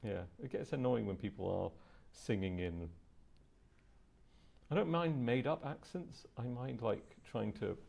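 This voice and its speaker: A man's voice: mid-range voice, animated, measured pace, gravelly, a little mellow. A man co-hosting a podcast in casual chat, rambling and opinionated with a nerdy streak. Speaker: podcast co-host.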